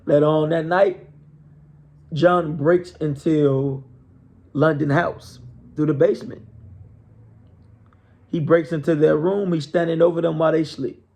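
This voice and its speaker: A man's voice: a little high, creaky, a little mellow. A man telling a story in a casual, conversational way, checking in with his listeners as he goes.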